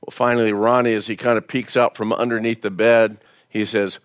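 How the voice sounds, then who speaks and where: A man's voice: fairly low pitch, flat delivery, fairly quick, no room sound, clean studio sound. A male pastor preaching a sermon in a folksy, conversational way, telling stories and often repeating words as he goes. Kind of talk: storytelling sermon.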